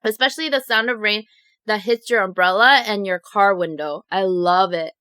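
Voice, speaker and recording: A young woman vlogger telling a story to her viewers in a chatty, animated way, full of fillers. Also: medium pitch, moderate pace, clean tone, no room sound, clean studio sound. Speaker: mukbang vlogger.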